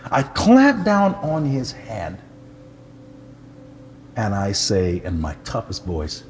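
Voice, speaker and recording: This is an older man, a pastor, telling a personal testimony with animated storytelling and a self-deprecating sense of humor. His voice sits low. A faint background hiss runs beneath his words. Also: slow, long pauses.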